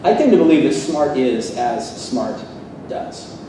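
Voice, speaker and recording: A man's voice: mid-range voice, big pitch swings, a little slow, warm tone, slight background noise. A man giving a sarcastic, fired-up debate speech to a live audience at a seminary. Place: seminary hall. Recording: echoey hall, distant mic.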